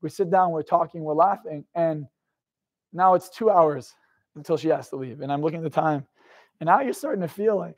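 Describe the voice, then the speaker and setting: A man's voice: on the high side, fairly quick, highs cut off. A young man giving a live motivational talk to an audience, telling an intense personal story, swearing freely and putting questions to the crowd. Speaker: motivational speaker.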